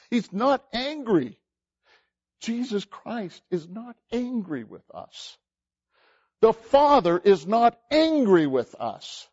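A man preaching a sermon with emphatic rhetorical questions, often repeating words. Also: very high-pitched. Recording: dull lo-fi sermon recording.

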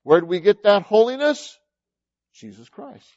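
A man preaches from the pulpit with a fairly high voice that leaps up and down in pitch, punching some words loud and dropping others to a near mutter. The recording sounds muffled and lo-fi, like an old church tape. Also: unhurried. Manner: animated preaching, swinging between loud emphasis and quiet asides. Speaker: pastor. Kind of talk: sermon.

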